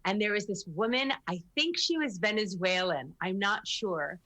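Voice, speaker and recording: Bright, enthusiastic woman storyteller. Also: mid-range voice, expressive, moderate pace. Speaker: voice actor on a panel. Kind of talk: casual panel talk.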